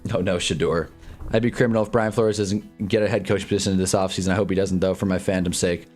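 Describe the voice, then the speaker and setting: A man's voice: deep voice, fast, faint music behind. Rambling man hosting a football stream. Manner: rambling, sarcastic, gets loud and excited over plays. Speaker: live football stream host. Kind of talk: casual live commentary, reading chat.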